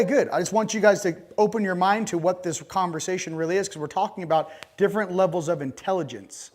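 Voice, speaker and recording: A man speaking to a conference audience, animated and joking, blunt and crude as he makes his points. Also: sits high. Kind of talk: live talk to an audience.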